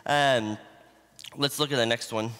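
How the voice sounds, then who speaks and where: A man's voice: mid-range voice, steady tone, measured pace, bright, forceful tone, smooth. A man preaching a sermon in a church, teaching in a conversational way with homespun examples. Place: church sanctuary. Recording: livestream in a reverberant church hall.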